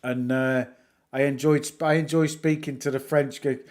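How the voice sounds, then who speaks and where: A middle-aged Northern English man from England hosts a casual livestream, chatting and rambling with self-mocking jokes while music plays in the background. His delivery is flat and medium-pitched, at normal speed with a darkish tone.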